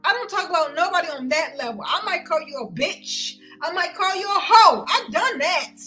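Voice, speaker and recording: High, bright, heated woman ranting. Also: expressive, normal speed, soft background music, poor audio. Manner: loud, heated and confrontational, with frequent cursing. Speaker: vlogger ranting to viewers. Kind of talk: profane livestream rant.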